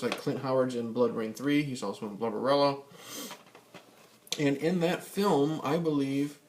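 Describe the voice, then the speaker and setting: A man's voice: medium pitch, a little mellow. A man vlogging a casual rant, swearing often and rambling with many fillers and restarts. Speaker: YouTube vlogger. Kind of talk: casual ranting vlog.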